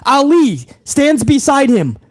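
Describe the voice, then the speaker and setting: Extremely high-pitched and sing-song, his slow voice comes through with no echo. He's a man recapping a wrestling show on his podcast, swearing heatedly, repeating things incredulously and talking over himself.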